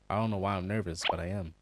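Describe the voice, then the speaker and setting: A man hosting a gaming channel, talking excitably through a let's play and calling everyone "bro". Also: low voice, very noisy. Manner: excitable, chatty, says "bro" constantly. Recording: beat music under voice.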